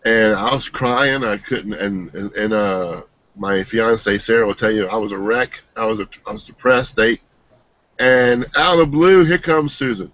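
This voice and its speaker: A man giving an earnest, emotional personal testimonial, halting and restarting as he speaks. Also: fairly low pitch, fairly bright tone. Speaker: team member giving a testimonial. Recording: dull, dry lo-fi sound.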